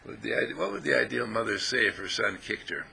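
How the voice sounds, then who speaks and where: A man with a strongly gravelly voice gives a spiritual talk to a small group. His tone is forceful and swings widely in pitch as he acts out little scenes. He laughs often along the way. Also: lively intonation, fairly quick, slight background noise, low-quality recording. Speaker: spiritual teacher.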